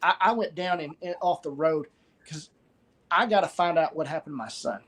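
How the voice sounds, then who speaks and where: Man, fairly high voice, middle-aged, halting delivery, repeats words, personal account. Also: a bit bright, breathy edge. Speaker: guest. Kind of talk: telling a personal story.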